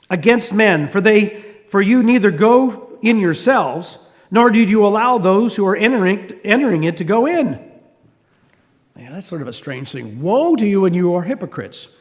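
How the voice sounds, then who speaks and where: Lively high-voiced preacher in a hall. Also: male voice. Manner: conversational preaching with restarts and asides. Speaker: pastor. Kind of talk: sermon. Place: church hall. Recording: reverberant hall.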